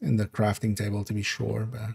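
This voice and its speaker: A man's voice: lowish voice, level tone, a little fast, creaky, a little mellow, slightly rough. A man streaming a game, chatting casually in a rambling, mumbling way full of fillers. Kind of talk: casual livestream game talk.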